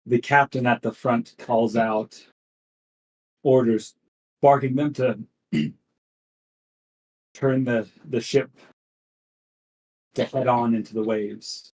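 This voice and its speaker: A male game master narrates a tabletop game at an unhurried, measured pace. His voice sits in a middle pitch, and he builds the scene in careful steps. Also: steady tone, a little mellow, rough recording. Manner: slow, deliberate scene-setting.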